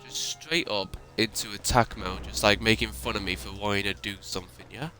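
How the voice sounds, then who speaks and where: A man's voice: fairly low pitch, fairly even intonation, brisk, pushed and bright, soft background music. A man ranting in an upset, emotional way and swearing often, as a YouTuber talking to his viewers. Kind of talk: ranting monologue.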